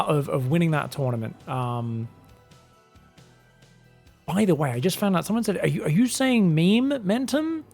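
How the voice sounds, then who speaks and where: A man with a British accent casting a competitive video game, chatty and prone to rambling tangents. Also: fairly high pitch. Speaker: esports caster. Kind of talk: casual game commentary.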